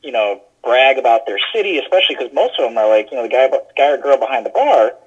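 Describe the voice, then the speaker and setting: A man's voice: mid-range voice, lively intonation, fast talker, breathy edge, highs cut off. A man guesting on a podcast, telling stories in a loose, chatty way with lots of fillers and restarts. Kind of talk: casual conversational storytelling.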